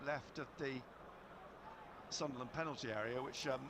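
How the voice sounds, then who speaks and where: A man giving steady live play-by-play commentary on a football match for a fan stream. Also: mid-range voice, normal speed, noisy background. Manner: steady play-by-play, names each pass.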